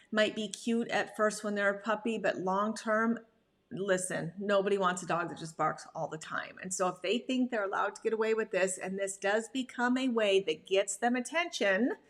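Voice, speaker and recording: A middle-aged woman dog trainer giving a webinar, talking in an animated way and acting out quoted owners and dogs. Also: fairly high pitch. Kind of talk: webinar presentation.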